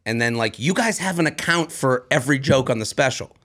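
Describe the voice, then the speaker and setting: A man in his thirties, a comedian co-hosting a podcast, chatting in a rambling, excitable way with lots of restarts. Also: medium pitch, fairly quick. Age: 30s. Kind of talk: casual chat.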